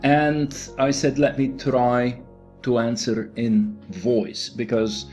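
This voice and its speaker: Slow, halting man with faint music. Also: mid-range voice, level tone, a little mellow. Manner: halting, many fillers and restarts. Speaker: program promoter. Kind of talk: casual recorded talk to a group.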